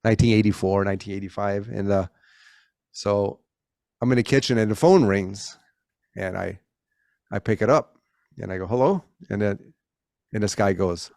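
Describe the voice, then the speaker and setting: A man's voice: on the low side, normal speed, creaky, pauses often, a little mellow, no room sound, studio quality. A middle-aged man telling anecdotes in a casual interview as a guest, with frequent restarts and self-corrections, and he acts out the voices he quotes. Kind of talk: casual conversational storytelling.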